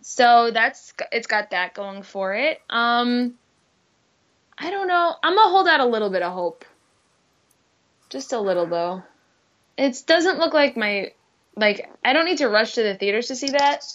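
Woman, casual trailer chat, hesitant, lots of ums, slightly high voice, very lively pitch. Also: a little slow, long pauses, lo-fi sound. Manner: hesitant, many fillers. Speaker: co-host reacting to movie trailers.

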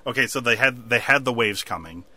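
Casual male co-host, very bright voice, rambles and acts out lines. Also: medium pitch, animated, a little fast. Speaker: podcast co-host. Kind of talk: casual TV recap chat.

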